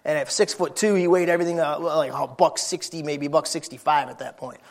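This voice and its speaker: Man, preacher, high voice, folksy storytelling sermon, emphatic. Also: fairly even intonation, a little fast, vocal fry.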